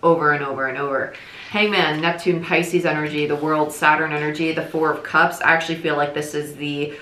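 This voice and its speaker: Fast-talking woman with a bright, tense voice. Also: low voice, steady tone, slight background noise. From New Jersey. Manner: fast-talking, chatty, rambling. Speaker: tarot reader. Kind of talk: casual tarot reading. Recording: echoey room.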